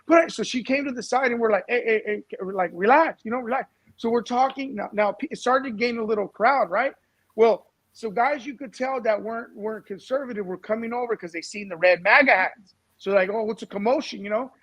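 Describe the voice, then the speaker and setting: A man on a talk-show panel, telling a story in an animated way. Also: very high-pitched, a little fast, low-quality recording. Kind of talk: casual talk-show discussion.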